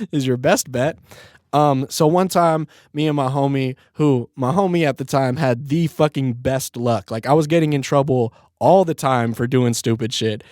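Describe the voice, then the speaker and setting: Chill young guy on his podcast, mid pitch, dry close sound, laughs a lot while he tells it. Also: a little mellow, dry recording. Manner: laid-back, laughs often, heavy swearing and slang. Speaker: podcast host. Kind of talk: casual storytelling.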